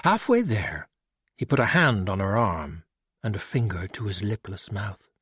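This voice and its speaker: A man narrating an audiobook in a measured, expressive storytelling manner. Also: on the low side, husky, no echo, studio quality.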